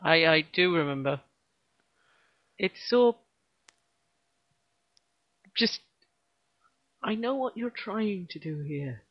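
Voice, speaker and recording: A woman's voice: lowish voice, lively intonation, takes it slowly, pauses often, no echo, highs cut off. A woman co-hosting a podcast, chatting about a film in a wry, playful way. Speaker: podcast co-host. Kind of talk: casual film review chat.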